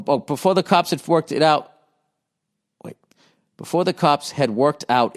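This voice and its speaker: Man ranting profanely on a podcast. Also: a little high. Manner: profane, exasperated. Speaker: podcast host. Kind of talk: comedic podcast rant.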